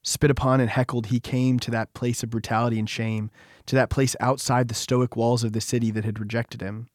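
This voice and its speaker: Man, solemn devotional narration, measured and deliberate, mid-pitched voice, dry close sound. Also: a little mellow, no room sound. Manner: solemn, measured, slowing for emphasis. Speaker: devotional reader.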